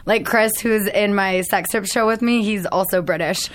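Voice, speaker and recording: A woman's voice: mid-range voice, moderate pace, dry recording. A woman hosting a podcast in casual chat, bubbly and giggly with a flirty streak. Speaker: podcast host.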